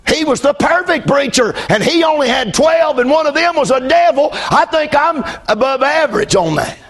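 A middle-aged man preaching a fiery sermon as pastor. He drops to hushed storytelling, then shouts fervently, repeating phrases and calling out amen. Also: extremely high pitch, animated, moderate pace.

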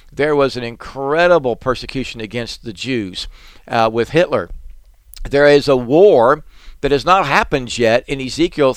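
Earnest male preacher with a smooth voice. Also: fairly high pitch, no room sound. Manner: earnest, explanatory preaching with repeated emphasis. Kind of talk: sermon.

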